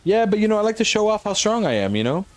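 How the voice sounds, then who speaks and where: A man chatting casually and joking while playing a game on a live stream, swearing freely and sounding a little flat and bothered. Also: high-pitched, fast talker, no room sound.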